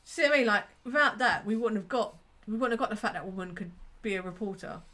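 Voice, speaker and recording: A woman's voice: mid-range voice, expressive, quick pace, sharp tone. A woman co-hosting a casual film review podcast, chatty and laughing often, full of filler words. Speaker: podcast co-host.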